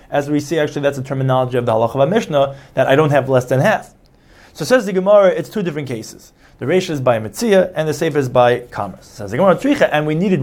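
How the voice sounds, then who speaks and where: A man's voice: mid-range voice, a little mellow. A man giving a Talmud study lecture, explaining step by step, restating each point and acting out the quoted claims. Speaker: Talmud teacher.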